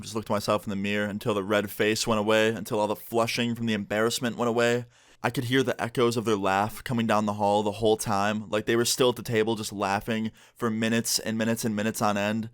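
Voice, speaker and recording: A man's voice: fairly low pitch, clean tone, no room sound, studio quality. A man in his twenties animatedly telling a casual storytime to his viewers. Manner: fast, animated retelling. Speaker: vlogger.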